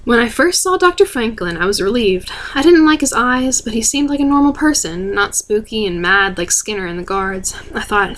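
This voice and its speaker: Soft-spoken woman doing an ASMR book reading. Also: medium pitch, expressive, brisk, hardly any pauses, a little hiss or hum. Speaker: reader.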